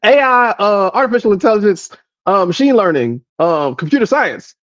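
A man mimicking a fast-talking male coworker who rambles through buzzwords full of fillers. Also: sits high, expressive, a bit bright, dry recording, lo-fi sound, pitched above the performer's own voice. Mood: rambling. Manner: rapid, filler-heavy rambling.

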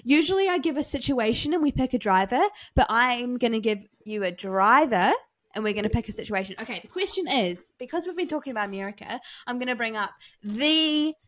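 A woman's voice: fairly high pitch, expressive, brisk, a bit bright, low-quality recording. A woman podcast host leading a segment in a mock news-reporter manner. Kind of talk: casual podcast chat.

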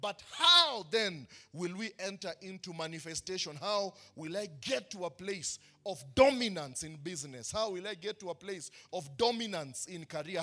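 A man preaches, his voice high and bright. He poses question after question and answers them emphatically, the way a pastor drives a sermon home. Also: expressive, normal speed, hardly any pauses. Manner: preaching with rising emphatic questions and call-and-response.

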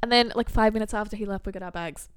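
A woman's voice: mid-range voice, rapid-fire. A young woman, co-hosting a podcast and telling a travel story in casual chat, full of "like". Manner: animated storyteller, acting out quotes, heavy use of "like". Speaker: podcast co-host.

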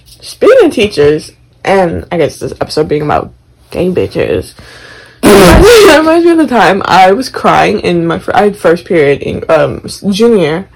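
Recent grad, podcast co-host, blunt and profane, lowish husky voice. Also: female voice, wildly swooping pitch, moderate pace, low-quality recording. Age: young adult. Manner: blunt, profane, laughs often. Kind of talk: casual chat.

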